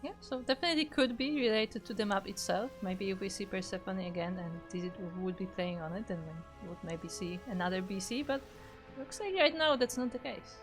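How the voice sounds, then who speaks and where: Brief: analytical female esports co-caster, mid-pitched voice. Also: fairly quick, faint music behind. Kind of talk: casual live game commentary.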